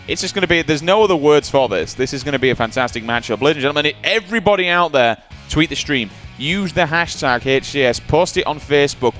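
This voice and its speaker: A man calling live esports play-by-play, energetic and hyping up the viewers. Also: on the high side. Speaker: esports commentator.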